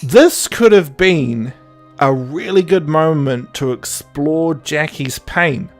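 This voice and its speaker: A man's voice: on the high side, animated, slow, faint music behind. A young man co-hosting a podcast, rambling and sarcastic in casual chat, laughing often. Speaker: podcast co-host.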